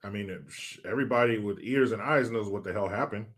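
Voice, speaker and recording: A man's voice: fairly low pitch, fast talker, fairly bright tone. A middle-aged man hosting a casual livestream, reading viewer comments in a loose, joking, sometimes profane way. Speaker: livestream host.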